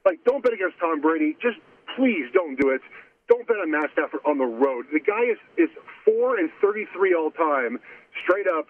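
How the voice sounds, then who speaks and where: A man giving emphatic, fast-stumbling betting picks as a guest, heard over a remote call. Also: fairly high pitch, expressive. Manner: emphatic, repeats words when starting. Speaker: guest sports bettor. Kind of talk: sports betting analysis. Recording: tinny phone-line audio.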